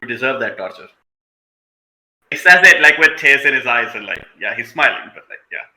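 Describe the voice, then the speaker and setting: A man's voice: mid-range voice, lively intonation, a little fast, pushed and bright, reverberant, low-quality recording. A man playing a tabletop role-playing game, describing his character's actions and speaking its lines with many fillers. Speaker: player.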